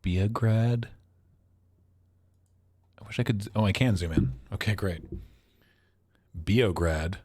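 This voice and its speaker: A man's voice: lowish voice, fast, few pauses, darkish tone, husky, no room sound. A man streaming a geography guessing game, thinking aloud and poking fun at his own guesses. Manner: thinking aloud, self-mocking, chuckling. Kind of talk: casual livestream commentary.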